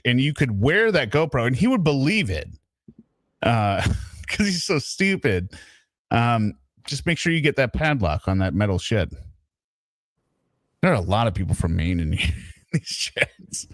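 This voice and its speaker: A man's voice: mid-range voice, lively intonation, normal speed, no echo. Man, stream host, casual chat, mid-range voice, dry close sound. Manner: chatty, keeps tagging lines with "right?". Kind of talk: casual live-stream commentary.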